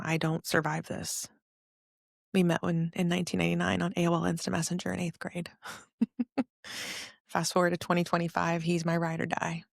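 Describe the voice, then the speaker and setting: Woman around forty, podcast host, earnest confessional testimony; low voice, dry close sound. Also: creaky, no echo. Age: about 40. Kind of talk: personal testimony storytelling.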